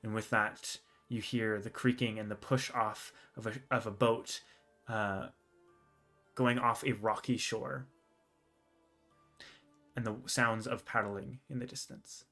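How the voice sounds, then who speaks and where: A man narrating a tabletop fantasy game as dungeon master, descriptive and measured, with frequent fillers. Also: lowish voice, a bit bright.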